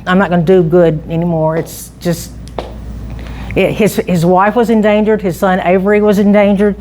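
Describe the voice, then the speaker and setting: A woman's voice: fairly low pitch, darkish tone. A middle-aged woman giving an informal public talk on local history, chatty and full of restarts and asides.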